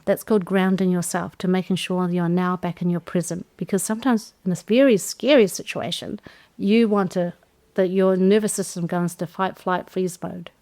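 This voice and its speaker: A woman, a Christian life coach, giving a teaching talk and acting out example phrases as she goes. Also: medium pitch. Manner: acts out example phrases, animated.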